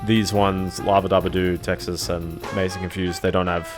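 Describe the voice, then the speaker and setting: While streaming a video game, a man comments casually, rambling, hedging, and chuckling softly to himself. His voice is low and level at a moderate pace, with game music in the background.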